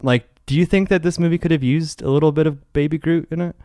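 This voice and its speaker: A man's voice: fairly high pitch, steady tone, quick pace, dark tone, a little hiss or hum. A man co-hosting a casual movie review podcast, rambling and hesitant as he explains the plot. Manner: rambling, hesitant, full of "like" and restarts. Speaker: podcast co-host.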